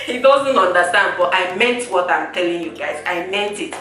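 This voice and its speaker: Young woman, bright voice, casual vlog talk, repeats words, distant echoey room, faint music. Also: lowish voice, normal speed. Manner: animated, laughing often, repeats words for emphasis. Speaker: vlogger. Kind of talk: casual chat to camera. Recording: roomy echo, far from the mic, faint music.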